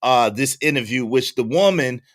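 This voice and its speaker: A man hosting casual commentary, recapping a book and acting out the people in it with lively storytelling. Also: medium pitch, normal speed. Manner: animated storytelling, acting out quoted voices. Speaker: host.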